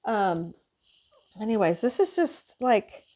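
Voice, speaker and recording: Her voice sits mid-range and she talks slowly as she unloads about her nursing shift. The woman swears, sounds fed up, and retells it all in a lively, casual monologue.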